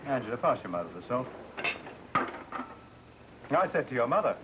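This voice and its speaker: A man's voice: medium pitch, sing-song, normal speed, natural voice. An actor playing a stern, domineering father giving curt orders, in an old television drama. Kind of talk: 1960 television drama acting. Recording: noisy old television soundtrack.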